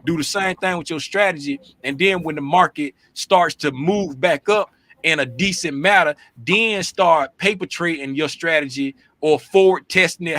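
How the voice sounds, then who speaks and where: High, bright-voiced male trading coach. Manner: animated, repetitive, keeps asking "you see what I'm saying". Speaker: trading show host. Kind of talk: casual coaching chat.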